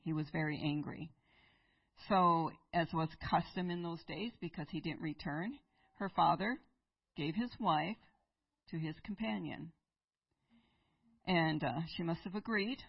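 A woman's voice: fairly low pitch, no echo, distant mic, highs cut off. A woman preaching in church, retelling a Bible story and asking her listeners rhetorical questions. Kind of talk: sermon.

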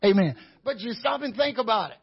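A man preaching a lively sermon as pastor, chuckling and acting out how he talks to himself. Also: sits high, a little fast, breathy edge, lo-fi sound.

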